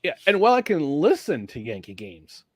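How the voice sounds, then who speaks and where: Animated higher-voiced man in casual sports chat. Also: fairly quick, no echo, clean studio sound. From upstate New York. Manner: animated, restarts his sentences often. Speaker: podcast co-host.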